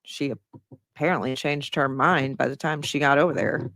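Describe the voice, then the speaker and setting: A woman's voice: rumbling low, fairly even intonation, normal speed, a bit bright. Blunt, sarcastic middle-aged woman commentator. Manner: blunt, sarcastic, swears freely. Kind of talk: casual commentary reading an article.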